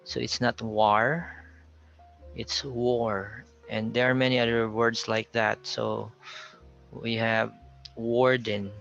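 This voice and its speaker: Slow Filipino man, gravelly flat voice. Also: fairly low pitch, muffled recording, soft background music. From Philippines. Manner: slow, careful, repeats words for contrast. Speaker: teacher. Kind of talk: pronunciation lesson.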